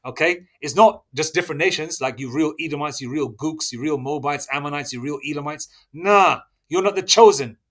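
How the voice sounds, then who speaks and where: A man with a fairly high voice delivers a preaching lecture, reading scripture aloud between points. He keeps checking in with his listeners, and his emphasis comes in sudden loud bursts. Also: fairly even intonation, brisk, hardly any pauses. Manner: checks in with listeners constantly, asking "okay?" and "all right?". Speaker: religious teacher.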